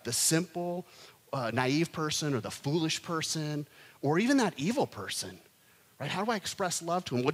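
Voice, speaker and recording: A middle-aged male pastor preaching a sermon to his congregation, animated, rising to loud emphatic peaks. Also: fairly high pitch, slightly rough. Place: church sanctuary. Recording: long hall reverb.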